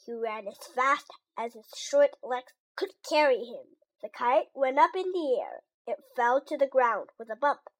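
A woman reading a children's storybook aloud in a slow, clear and deliberate way. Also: high-pitched, expressive.

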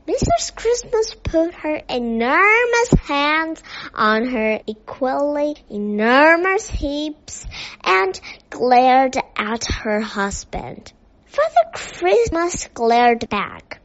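Slow, high-voiced woman storyteller. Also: big pitch swings, fairly bright tone. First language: Chinese. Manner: slow, careful read-aloud. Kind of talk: reading a children's story aloud. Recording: dull lo-fi recording.

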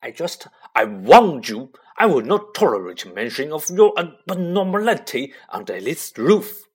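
Storybook bully uncle, blustering and loud, raised and lively pitch, read by a man. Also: a little slow, breathy edge, exaggerated voice. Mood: roaring. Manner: roaring, snarling, thundering.

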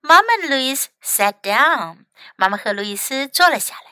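A woman English teacher reading a picture book aloud in two languages, slow and expressive. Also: sits high, dry recording.

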